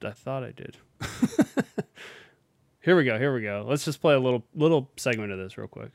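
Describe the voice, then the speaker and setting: A man's voice: mid-range voice, normal speed, vocal fry, darkish tone, no echo, studio quality. A man co-hosting a casual podcast chat, rambling with restarts and laughing often. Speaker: podcast co-host.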